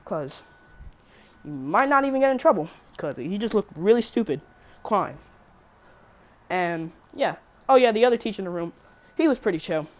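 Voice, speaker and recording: A woman's voice: mid-range voice, animated, moderate pace, long pauses. A teenage girl rambling through a casual storytime vlog, swearing freely and correcting herself as she goes. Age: teen. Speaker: vlogger.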